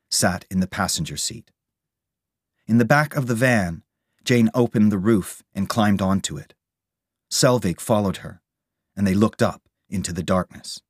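Man narrating a story, low husky voice, dry close sound. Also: no room sound.

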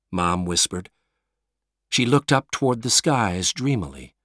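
A man reading a story aloud, slow and expressive. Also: lowish voice, no room sound, clean studio sound. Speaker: narrator.

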